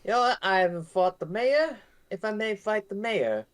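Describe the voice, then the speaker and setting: A man chatting casually with friends while streaming a fighting game, talking quickly with lots of fillers. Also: high voice, expressive, smooth. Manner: quick, rambling, filler-heavy. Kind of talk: casual chat.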